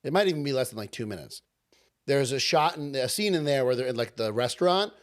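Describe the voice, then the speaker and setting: A young man trades casual banter as a podcast co-host. He speaks in a mid-range voice, neither high nor low. He teases his partner with dry, deadpan jokes. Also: fast talker. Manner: dry, teasing humor. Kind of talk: casual chat.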